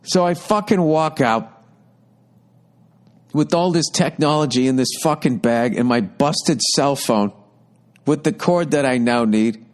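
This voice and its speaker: A man's voice: mid-range voice, unhurried, long pauses. A man in his fifties hosting a podcast, telling a rambling, exasperated story full of heavy swearing. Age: 50s. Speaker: podcast host. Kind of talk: profane comic storytelling monologue.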